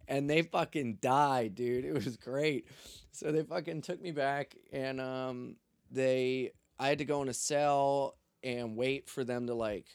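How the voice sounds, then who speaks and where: A man's voice: mid-range voice, steady tone, measured pace, clean tone, no room sound, studio quality. A young man telling a story in a loose, profane, joking way. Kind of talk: casual storytelling.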